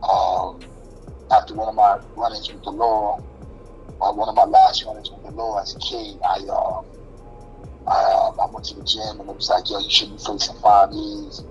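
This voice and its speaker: Guesting on an interview, a fortyish New York-accented man from Brooklyn spins casual life stories in loose street slang, with restarts and acted-out quoted voices. He speaks at normal speed in a lowish, darkish voice with vocal fry and little pitch movement. The highs are cut off and faint music plays behind him.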